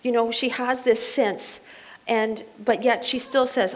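A middle-aged woman leading a Bible study group in a chatty, animated way, full of asides and fillers. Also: a little high, measured pace, low-quality recording.

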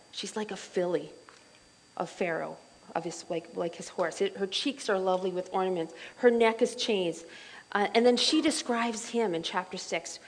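A middle-aged woman leading a Bible study group in a chatty, animated way, full of asides and fillers. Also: medium pitch, low-quality recording.

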